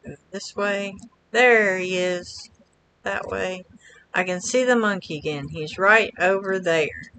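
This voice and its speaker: Woman game streamer, bright tone, slow quiet self-talk. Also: medium pitch, a little hiss or hum. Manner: quiet, murmuring to herself. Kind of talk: casual gameplay commentary.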